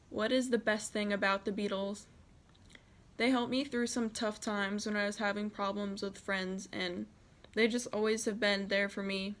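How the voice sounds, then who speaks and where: A woman's voice: mid-range voice, a bit bright. Casual teen vlogger, American girl, reads out questions and answers them. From United States. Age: teens. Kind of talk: casual Q&A tag video.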